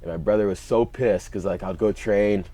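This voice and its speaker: A man's voice: fairly low pitch, moderate pace, warm tone. A young man telling a story in a laid-back way, with lots of "you know" and "like". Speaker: podcast guest, fighter. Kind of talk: casual storytelling.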